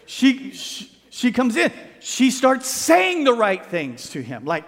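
Speaking slowly yet with hardly any pauses, a pastor with a very high-pitched voice delivers a sermon. The sanctuary's echo fills the recording as he tells animated stories, acting out quotes and tossing in playful asides.

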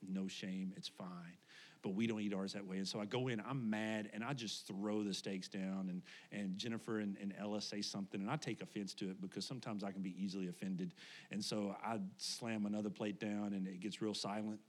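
A man in his thirties preaching a sermon to his congregation, telling family stories in a relaxed, conversational way with frequent laughs. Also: on the low side, a little fast. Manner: conversational, animated storytelling with laughs. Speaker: pastor. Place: church sanctuary before congregation.

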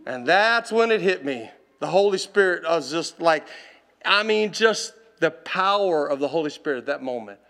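A man preaching from the pulpit with a high voice and a bright, forceful edge. He tells his story in an animated way, laughing and calling out to the listeners as he goes. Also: normal speed. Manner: animated, laughing, calls out to the congregation. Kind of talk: storytelling sermon.

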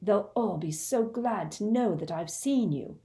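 A woman voicing a gentle, worn-out middle-aged wizard man in a storybook reading, earnest and exclaiming. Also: medium pitch, animated, a little slow, pitched above the performer's own voice. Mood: overjoyed.

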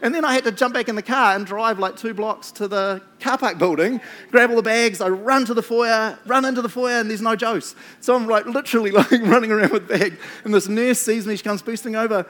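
A middle-aged man, preaching a casual storytelling sermon and shouting out re-enacted moments. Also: sits high, fast talker. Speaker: pastor.

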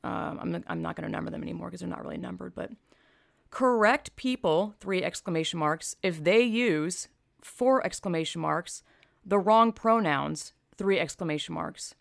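A woman's voice: on the low side, expressive, moderate pace, creaky, no room sound, clean studio sound. A woman commentator reading posts aloud and reacting with blunt, sarcastic, profane remarks. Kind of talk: opinion vlog commentary.

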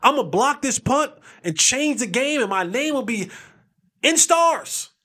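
Casting note: man, fairly high voice with a wide, bouncing pitch, podcast host spinning an emphatic sports tale. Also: normal speed. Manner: lively, emphatic, acts out quotes with repeated phrases. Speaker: podcast host, former football player. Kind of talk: animated storytelling.

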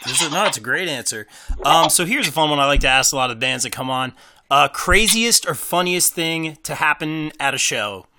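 A man hosting a casual band interview, relaxed and chatty, often calling the guests "man". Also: a little high, moderate pace, a little hiss or hum. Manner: laid-back, drops "man" often, chatty. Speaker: interview host.

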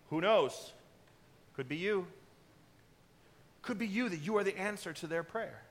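A man pastor delivering a sermon in an animated storytelling way, acting out the characters. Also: high voice, a little fast, pauses often.

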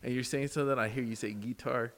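Gravelly, excitable man chatting. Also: medium pitch, fast. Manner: excitable, laughing storyteller. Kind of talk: casual chat.

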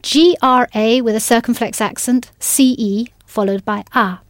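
A woman leads a scripted audio lesson in a patient, encouraging way. Her voice sits a little high and is recorded close and dry, with no room sound. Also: fairly even intonation, measured pace, no room sound. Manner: patient, encouraging, spells words letter by letter. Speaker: language teacher.

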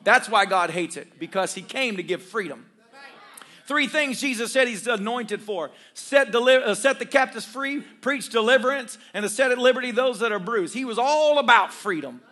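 A male pastor preaching a sermon to his church, calling for responses and rising to shouts, with joking asides. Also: very high voice, animated, normal speed. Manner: call-and-response with congregation.

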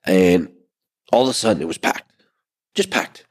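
A man's voice: low voice, lively intonation, moderate pace. A man co-hosting a podcast, telling a story in a loose, rambling way full of fillers, sitting outdoors by a pool. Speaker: podcast co-host. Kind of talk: casual storytelling chat.

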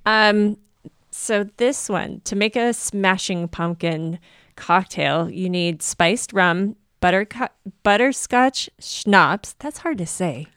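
A woman co-hosting a podcast, chatting casually, bubbly and giggly with quick reactions. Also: medium pitch, fairly bright tone, clear, resonant tone, no echo, studio quality. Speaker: podcast co-host. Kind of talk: casual chat.

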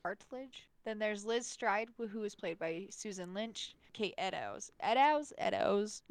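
A woman's voice: mid-range voice, a little slow, dry recording. Hesitant woman stumbling over names. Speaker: podcast co-host. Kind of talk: casual chat about a movie.

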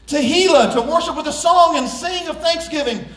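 Animated high-voiced preacher in an echoey church. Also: male voice, moderate pace, far from the mic. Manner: animated, jokes with the congregation, swings from hushed to shouting. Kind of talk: sermon. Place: church sanctuary. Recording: echoey room, voice from off-mic.

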